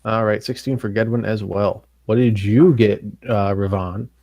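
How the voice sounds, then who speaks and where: A man's voice: lowish voice, fairly even intonation, moderate pace, dark tone, no room sound. Dry-voiced man running a tabletop game. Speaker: game master.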